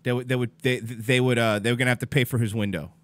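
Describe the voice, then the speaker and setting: A man's voice: mid-range voice, fairly even intonation, fast, no echo. A man hosting a livestream, venting in an exasperated, profane casual rant at his chat viewers. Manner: swears freely, exasperated, addresses chat viewers by name. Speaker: livestream host.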